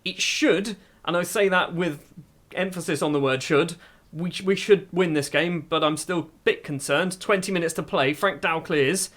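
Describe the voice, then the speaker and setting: A man's voice: a little high, normal speed, fairly bright tone. A man commentating a football management video game, calling the action play-by-play and musing aloud to his viewers. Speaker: gaming YouTuber.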